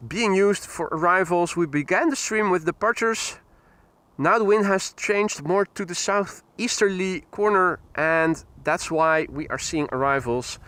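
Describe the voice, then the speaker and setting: A man hosts a live plane-spotting stream, chatting and laughing as he reads out viewer comments. His voice sits high and sounds bright and crisp. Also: no room sound.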